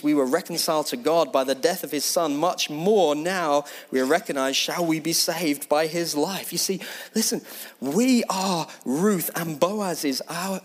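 A male pastor delivering a sermon in a slightly raised voice. He pushes hard through repeated, rhythmic lines, then drops to a soft, hushed tone that is close to a whisper. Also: fairly high pitch. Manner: impassioned, rising in repeated phrases then dropping to a hushed near-whisper.

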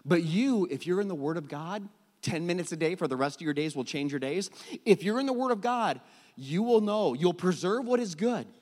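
A middle-aged man preaching a sermon, animated and jokey, often repeating words as he goes. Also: high-pitched, moderate pace, in a large hall. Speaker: pastor. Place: church hall.

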